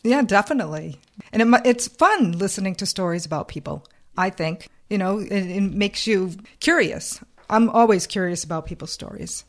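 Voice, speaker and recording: A woman's voice: mid-range voice, animated, moderate pace. A woman interviewing a guest, asking curious, friendly questions. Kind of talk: casual interview.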